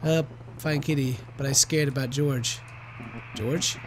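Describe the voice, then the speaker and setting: A man reading out a game's worried, apologetic landlady, talking in halting broken English. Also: medium pitch, fairly even intonation, a little hiss or hum, natural voice, poor audio.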